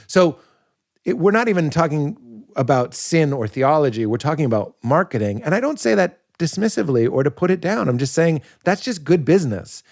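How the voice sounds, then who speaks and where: A man, a comedian and podcast guest, talking casually in an animated, riffing way and laughing at his own points. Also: a little high, gravelly.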